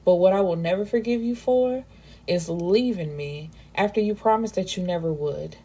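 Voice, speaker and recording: A wounded young woman, defiant and indignant, as a woman puts her on. Her lines rise above the reader's own low, husky voice, a mellow tone with a rough edge. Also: normal speed. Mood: resolute.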